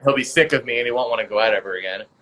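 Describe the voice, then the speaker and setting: A chatty man hosts a relaxed live stream from his home, joking around with his guest. His voice comes through bright and forward. A faint hiss sits under it. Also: mid-range voice, very fast, low-quality recording. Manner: chatty, jokey, reads out viewer questions. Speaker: host of a live-stream interview. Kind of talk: casual video-call chat. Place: home, during lockdown.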